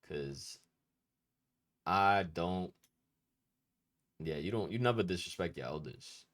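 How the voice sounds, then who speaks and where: Male teacher with a deep voice, loose and slangy, blunt, swears now and then, casual lesson delivery. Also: expressive, slow. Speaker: Spanish culture teacher.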